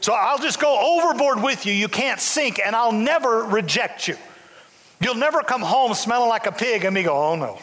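Animated older man preaching in a hall. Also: very high-pitched, moderate pace. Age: 60s. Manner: animated preaching with repeated restarts. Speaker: pastor. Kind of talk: sermon. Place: church sanctuary.

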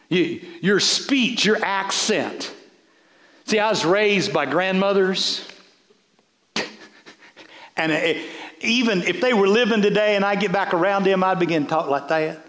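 A man's voice: high-pitched, lively intonation, a little slow, pauses often, a bit bright. Man, preaching a sermon, folksy, repeats words, roomy church echo. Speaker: bishop preaching.

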